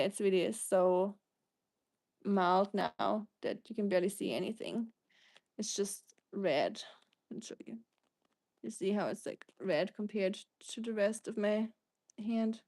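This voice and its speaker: This livestream host, a woman from Germany, speaks at a medium pitch with a darkish tone, going a little slowly on a dry recording. In her German accent she wanders through viewer comments, reading them out and replying in a loose, talkative way.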